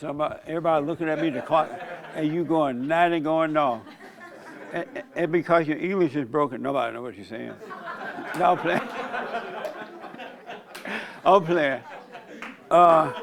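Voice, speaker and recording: A man's voice: fairly high pitch, a little slow, pauses often, crowd noise. An older man hosting a church discussion, talking in a folksy, joking way and laughing often. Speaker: host leading a church discussion. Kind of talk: casual preaching talk.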